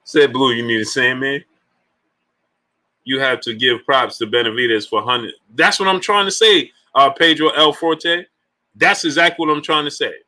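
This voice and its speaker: A man hosts a boxing live stream in easy, bantering talk, greeting viewers one after another and pushing for likes. His voice is strikingly bright and cutting, sitting at an ordinary middle pitch. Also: steady tone, normal speed, poor audio. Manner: shouts out chat viewers and keeps urging likes; loose, laughing, joking banter. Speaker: boxing livestream host. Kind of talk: casual live-stream chat.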